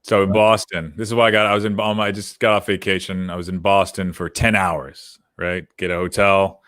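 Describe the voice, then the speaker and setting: A man co-hosting a business podcast in casual chat, telling stories in an animated way that gets heated. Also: low voice, brisk, no echo, clean studio sound. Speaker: podcast co-host.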